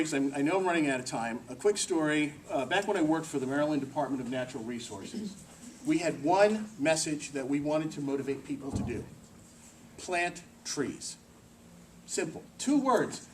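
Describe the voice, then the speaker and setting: Man, presenter, workplace talk, joking, quizzes the audience, distant mic, faint hiss. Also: a little high. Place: staff meeting room.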